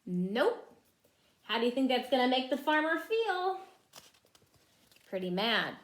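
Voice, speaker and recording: A preschool teacher reading a picture book aloud to young children, her fairly high voice rising and falling with lively expression as she stops to ask them questions. She talks at an unhurried pace, and the sound carries a roomy echo. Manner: animated, asks the children questions.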